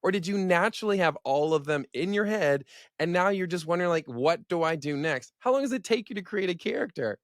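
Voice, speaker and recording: A man's voice: high-pitched, animated, fairly quick, dry recording, clean studio sound. A man hosting an interview, asking earnest, enthusiastic questions. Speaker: host.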